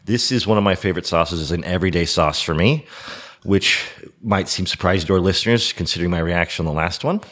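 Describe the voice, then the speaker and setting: A man's voice: deep voice, quick pace, a bit bright. A man hosting a casual podcast chat during a hot sauce tasting, joking and laughing often. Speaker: podcast host.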